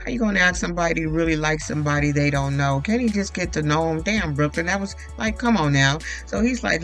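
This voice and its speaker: A woman's voice: medium pitch, brisk, faint music behind, rough recording. Blunt, profane woman recapping reality TV. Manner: blunt, profane, animated retelling with quoted voices. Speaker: YouTube reality TV commentator. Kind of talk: casual recap commentary.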